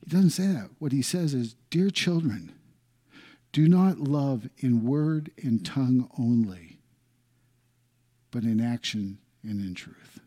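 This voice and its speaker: Man, middle-aged, pastor, sermon, husky voice, warm mellow tone, loud to hushed swings. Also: mid-range voice, animated, slow. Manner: swings between loud emphatic lines and hushed near-whispers.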